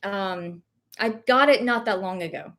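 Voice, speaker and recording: Unhurried and a bit bright, this mid-range female voice comes from a young woman with a light Southern accent who grew up in the rural American South. She hosts a livestream as a reseller, and while ill with Covid she rambles chattily, reads comments from viewers, and often uses fillers and corrects herself.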